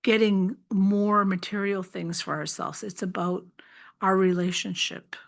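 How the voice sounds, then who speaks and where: A woman giving reflective closing words, soft-spoken and hesitant, pausing often. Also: mid-range voice, level tone, vocal fry.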